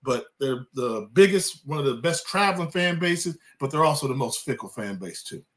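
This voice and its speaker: A man from California, a former college quarterback, talking sports as a guest in a casual chat, lively and quick to repeat himself when starting a thought. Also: mid-range voice.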